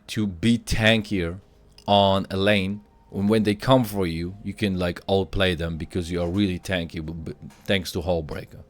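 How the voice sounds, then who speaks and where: A man with a lowish voice who is a little under the weather, walking through a video game item build. He reads item stats aloud and keeps hyping how strong the build is, recorded close and dry with no room sound. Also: darkish tone, no echo. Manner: explanatory, hypes up items, reads stats aloud. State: a little sick, coughing. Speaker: game guide creator. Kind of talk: gameplay guide commentary.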